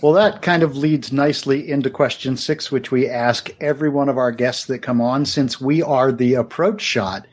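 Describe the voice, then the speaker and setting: A man's voice: mid-range voice, moderate pace, hardly any pauses. A man hosting a podcast interview, reading set questions and teasing his guest dryly. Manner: reads set questions, dry teasing jokes. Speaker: podcast host. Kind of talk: casual interview.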